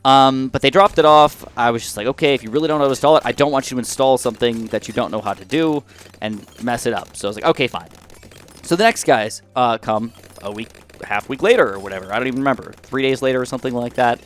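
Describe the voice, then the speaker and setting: A young man casually retelling a frustrating story to his viewers, animated and exasperated, with many fillers and restarts. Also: mid-range voice, fast talker, a little hiss or hum. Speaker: YouTube gaming vlogger.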